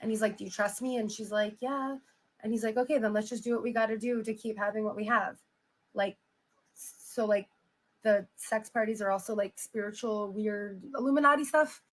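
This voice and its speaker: A woman's voice: medium pitch, steady tone, moderate pace, rough recording. A woman giving casual reaction commentary, chatty and full of "like" fillers as she retells a story. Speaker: commentator reading a memoir aloud.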